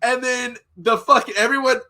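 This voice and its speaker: Profane, bright-voiced young man telling stories. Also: extremely high pitch, moderate pace. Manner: profane, animated storyteller. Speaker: podcast host. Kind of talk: casual storytelling.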